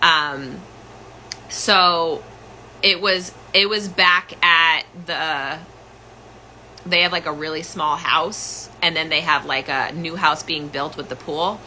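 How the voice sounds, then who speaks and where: A woman's voice: low voice, steady tone, slow pace, sharp tone, a little hiss or hum, rough recording. A young woman hosting a podcast, telling a personal story in a rambling, casual way full of "like" and "um". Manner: rambling, filler-heavy, full of "like" and "um". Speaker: podcast host.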